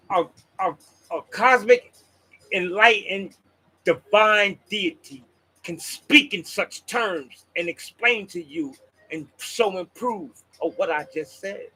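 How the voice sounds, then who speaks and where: A man's voice: high voice, a bit bright, breathy edge, rough recording. A man hosting a rambling, preachy monologue, swearing and talking to his listeners as y'all. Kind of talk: casual spoken monologue.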